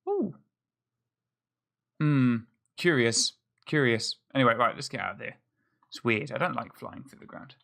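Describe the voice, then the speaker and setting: A man's voice: medium pitch, big pitch swings, normal speed, gravelly, pauses often, a bit bright. A man hosting a let's play, thinking aloud in chatty, self-mocking commentary as he plays. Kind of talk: casual gameplay commentary.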